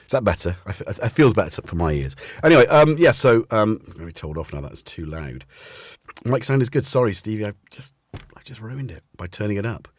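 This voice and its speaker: A man's voice: on the low side, very animated, brisk, no room sound, studio quality. A man hosting a casual home livestream, chatting in a rambling way and tripping over his words. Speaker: livestream host. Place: room at home. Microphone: desk mic with headphones.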